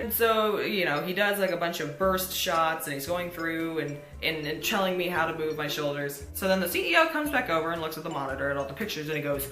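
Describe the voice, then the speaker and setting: Bright, wry woman telling a story. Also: fairly low pitch, sing-song, a little fast, few pauses. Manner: sardonic and wry. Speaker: vlogger. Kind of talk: storytime vlog. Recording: echoey room, faint music.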